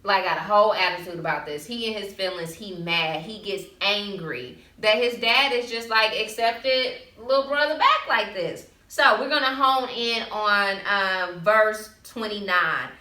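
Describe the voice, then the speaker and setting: A woman co-hosting a talk show, retelling a scripture story in a loose, slangy, lively way. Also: medium pitch, measured pace, hardly any pauses. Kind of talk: casual faith-segment storytelling. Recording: roomy, mic at a distance.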